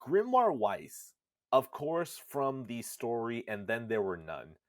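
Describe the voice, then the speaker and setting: A man hosting a casual gaming podcast, retelling a story with lively, animated delivery. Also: medium pitch, takes it slowly, dry recording, clean studio sound. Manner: animated storytelling, acts out characters in goofy voices. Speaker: podcast host.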